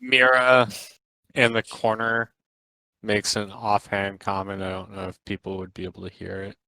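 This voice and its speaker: A man's voice: lowish voice, level tone, normal speed, sharp tone, no room sound, poor audio. A man playing a tabletop role-play, briefly describing his character's actions in a matter-of-fact way. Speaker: player.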